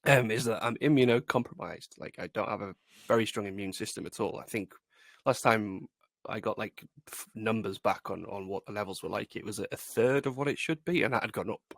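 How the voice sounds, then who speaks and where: A man's voice: fairly low pitch, brisk, vocal fry, dry recording, clean studio sound. A man co-hosting a podcast in casual chat, congested from a cold, with a sweary, self-deprecating way of talking. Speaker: podcast co-host.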